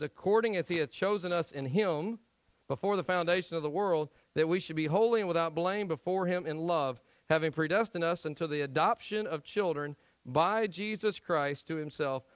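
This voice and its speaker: A male pastor preaching a sermon to his church, telling stories with acted-out voices and swinging between loud emphasis and quiet asides. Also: on the high side, moderate pace, no room sound, low-quality recording. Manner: animated storytelling, acts out quoted voices. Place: church sanctuary.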